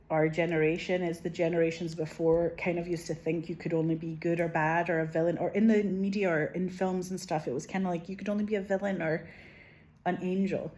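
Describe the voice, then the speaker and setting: A woman's voice: on the low side, a little mellow. A woman in her forties talking to camera in a loose, rambling monologue, swearing freely and filling her sentences with "like.". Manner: rambling and profane, heavy use of "like". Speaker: vlogger.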